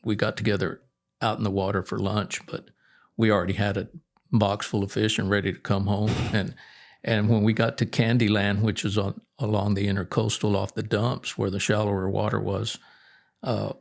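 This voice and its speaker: A middle-aged man, a guest angler, telling fishing stories in a relaxed, rambling way with restarts. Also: fairly low pitch, moderate pace, vocal fry. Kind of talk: casual storytelling.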